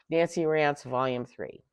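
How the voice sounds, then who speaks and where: A woman's voice: low-pitched, slow, clear, resonant tone, no room sound. Exasperated woman ranting, dry close sound. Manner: exasperated, animated storytelling with sarcastic asides. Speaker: tarot channel host. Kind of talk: casual rant.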